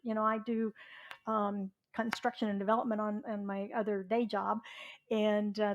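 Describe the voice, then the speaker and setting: With a fairly high voice and a lo-fi sound, a middle-aged woman reverend from Southwest Virginia preaches a chatty sermon in the church sanctuary. She poses questions to the congregation along the way.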